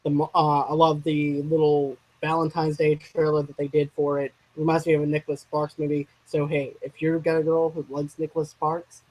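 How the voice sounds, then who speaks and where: A man's voice: on the high side, monotone, fairly quick, few pauses, darkish tone, low-quality recording. A man co-hosting a casual movie discussion, rambling and restarting his sentences as he works through his opinions. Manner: rambling, restarts and trails off mid-thought. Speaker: co-host of a movie discussion channel.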